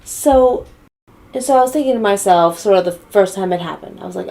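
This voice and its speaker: A woman's voice: mid-range voice, brisk, gravelly, mellow. Sassy, blunt woman storyteller. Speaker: comedic storyteller. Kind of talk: comedic storytelling to camera.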